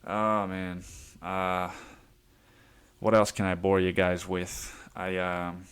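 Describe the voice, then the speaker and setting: Give me a slightly low-voiced man rambling and cursing through a casual solo podcast. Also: completely flat delivery, takes it slowly, fairly bright tone, clear, resonant tone. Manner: rambling, profane, self-amused. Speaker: podcast host.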